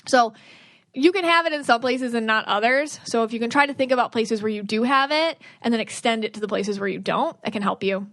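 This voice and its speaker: A woman's voice: a little high, fast talker, fairly bright tone, no room sound. Earnest woman podcast host, dry sound. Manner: earnest, conversational, with restarts and quoted inner voices. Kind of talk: spiritual advice monologue.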